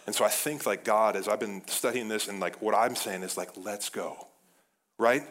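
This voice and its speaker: A man preaching an energetic, casual sermon as pastor, often saying "like" and addressing the church as "guys". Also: lowish voice, moderate pace, a little hiss or hum.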